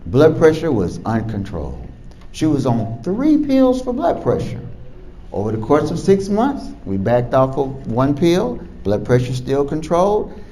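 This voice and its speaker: A man who is a doctor, telling a patient story to camera in an animated way, chuckling and repeating words as he goes. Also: on the high side, unhurried, slight background noise, poor audio. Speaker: physician.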